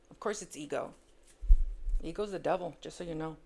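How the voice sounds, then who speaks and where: Gravelly-voiced woman giving an emphatic tarot reading. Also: low voice, normal speed. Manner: emphatic, repeats words for effect; swings between hushed asides and loud exclaims. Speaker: tarot reader. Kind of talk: casual tarot reading monologue.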